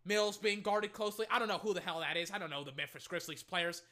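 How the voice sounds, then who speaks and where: Excitable fan calling a game, bright tone. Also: medium pitch, fast. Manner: excitable, ranting and swearing at players and referees. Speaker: fan commentator. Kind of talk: casual fan play-by-play commentary. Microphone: own microphone.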